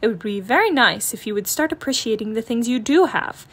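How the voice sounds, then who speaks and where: A mother bear from a storybook, patient but firm, gently setting her cubs straight, as a woman reads her part. Her voice sits a little high and clear. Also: lively intonation, a little fast.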